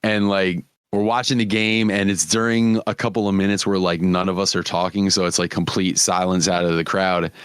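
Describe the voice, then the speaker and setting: A man's voice: deep voice, level tone, moderate pace, hardly any pauses, smooth, no echo, clean studio sound. A man hosting a podcast, telling stories in casual chat, swearing freely and laughing often. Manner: profane, laughing storyteller. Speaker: podcast host.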